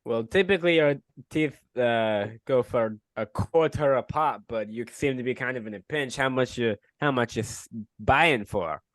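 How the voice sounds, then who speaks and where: A man's voice: mid-range voice, moderate pace, hardly any pauses, dry recording. A man playing a tabletop game, easygoing and joking as he rolls dice. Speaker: player.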